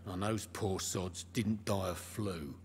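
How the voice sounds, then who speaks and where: An actor playing a chatty, gruff male barkeeper who talks bluntly. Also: low voice, steady tone, slow. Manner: blunt, folksy talk.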